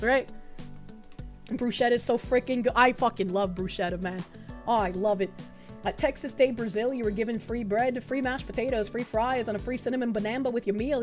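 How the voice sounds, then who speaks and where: High-pitched woman, American streamer, casual and profane, loose rambling delivery. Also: fairly quick, a bit bright, faint music behind. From United States. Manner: rambling, profane, laughs often. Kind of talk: casual stream chat reading an article.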